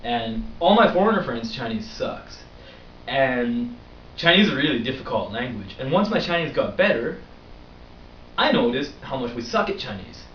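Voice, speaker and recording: In a dull, roomy recording taken from a distance, with slight background noise, a young man hosts a vlog. His mid-range voice keeps a moderate pace as he tells a story in a rambling, animated style crowded with fillers.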